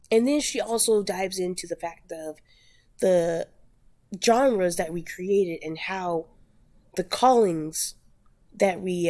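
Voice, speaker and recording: A woman's voice: lowish voice, dark tone, dry recording. Blunt, profane woman ranting. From United States. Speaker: vlogger. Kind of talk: rant.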